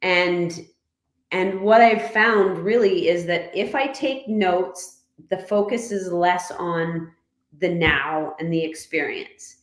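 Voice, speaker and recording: Animated Canadian woman telling stories. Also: on the low side, slow pace. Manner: animated storyteller, laughs often, voices others in her anecdotes. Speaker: guest, former motorcycle racer and writer. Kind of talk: casual podcast storytelling. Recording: roomy, echoey room.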